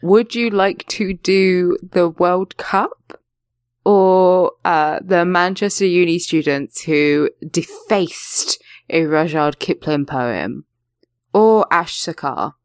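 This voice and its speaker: A young woman from England hosting a casual podcast chat, animated, swearing freely and laughing often. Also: lowish voice, takes it slowly, clear, resonant tone, no echo, studio quality. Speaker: podcast host.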